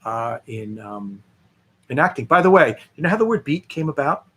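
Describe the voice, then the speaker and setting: A man, a film director, chatting as a guest and telling lively anecdotes with many fillers. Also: mid-range voice, normal speed, breathy edge. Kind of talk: interview storytelling.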